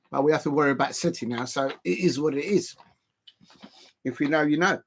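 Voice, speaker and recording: A man's voice: on the high side, fairly bright tone, a little hiss or hum. A man hosting a casual football watch-along, rambling and laughing while lifting weights. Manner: rambling and chatty, laughing often. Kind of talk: casual live-stream commentary.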